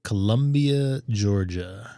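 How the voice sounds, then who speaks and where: A man's voice: lowish voice, slow pace, creaky, mellow, no echo, clean studio sound. A man losing his voice, chatting casually as he hosts a ham radio live stream and thinks aloud. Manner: rambling, thinking aloud with fillers.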